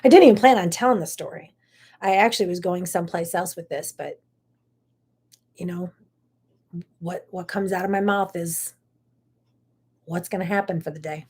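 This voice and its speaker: A woman's voice: lowish voice, moderate pace, pauses often, a little mellow, slightly rough. Earnest woman host telling a story. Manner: earnest, emotional, many asides. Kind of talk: personal storytelling talk.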